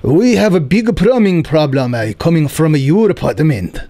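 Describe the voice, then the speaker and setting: A man voicing a grumpy, suspicious middle-aged landlord who speaks slow, broken English with a Korean accent. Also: on the high side, lively intonation, dark tone, no echo. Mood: complaining.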